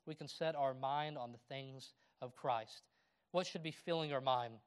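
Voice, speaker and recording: A man's voice: mid-range voice, normal speed, clean tone. A middle-aged man preaching a sermon, reading scripture aloud and telling personal stories with a laugh. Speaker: pastor.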